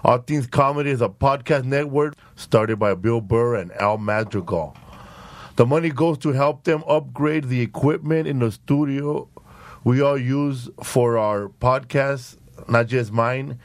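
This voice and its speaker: A man's voice: mid-range voice, unhurried, no echo. A man hosting a podcast in a studio, joking around loosely and swearing casually. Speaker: podcast host. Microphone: studio microphone.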